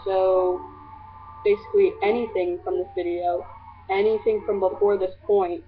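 A woman's voice: mid-range voice, flat delivery, moderate pace, faint music behind. A teenage girl vlogging casually to her friends, gushing and rambling with lots of fillers. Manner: gushing, scattered, filler-heavy. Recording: tinny lo-fi webcam audio.

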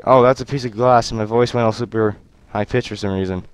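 A young man doing gameplay commentary on a headset mic at home, excitable and yelping at the game. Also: fairly low pitch, fast, very noisy. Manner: excitable, yelps and shouts at the game. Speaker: gaming YouTuber.

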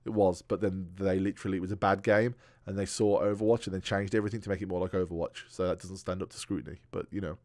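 A man's voice: low voice, flat delivery, fast, few pauses, a little mellow, dry recording. A man hosting a casual podcast chat about games, blunt and opinionated. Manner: blunt, opinionated gamer talk. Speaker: podcast host.

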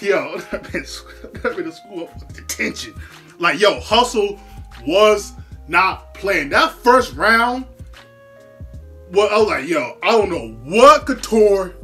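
Animated, laughing reaction host. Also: medium pitch. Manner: animated, laughs a lot, repeats words, heavy slang. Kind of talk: casual reaction commentary.

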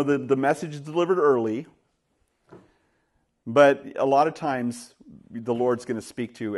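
A man preaching a sermon as pastor, telling stories and acting out the dialogue, often with "you know", rising louder and higher to stress his points. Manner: storytelling, acts out dialogue, rises loud and high when stressing points; many fillers like "you know".

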